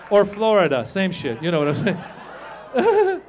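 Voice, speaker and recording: A middle-aged man from Iran performs stand-up, his voice sitting fairly high for a man. He spins stories with animated energy and bursts into shouted punchlines, over a faint hum in the background. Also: unhurried, a faint crowd. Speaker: stand-up comedian. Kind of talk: stand-up routine.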